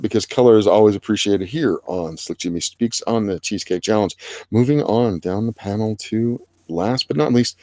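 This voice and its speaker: In a low, darkish voice free of room sound, this livestream host rambles through a casual art stream. He jokes about the chat and the artists and is self-deprecating.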